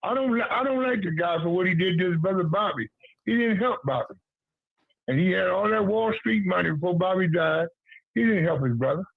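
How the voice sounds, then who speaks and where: A man's voice: sits high, animated, a little fast, gravelly, dry recording. A man talking boxing on a call, blunt and repetitive, with street slang. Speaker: guest on a boxing talk show. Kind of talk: casual phone-in chat. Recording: tinny phone line, dry.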